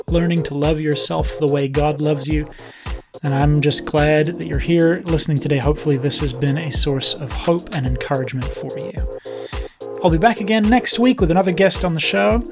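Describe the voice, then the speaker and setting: A man hosting a podcast closes the episode in a gentle, quiet, sincere voice. Music plays clearly underneath as he thanks listeners and blesses them. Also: fairly high pitch. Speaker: podcast host and children's pastor. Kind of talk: podcast outro.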